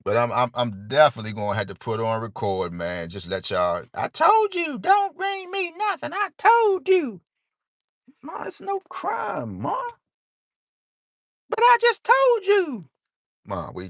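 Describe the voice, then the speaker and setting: A man's voice: sits low, sharp tone, no room sound, clean studio sound. A man hosting a casual lottery-tips livestream, rambling and laid-back, dropping "man" into nearly every sentence.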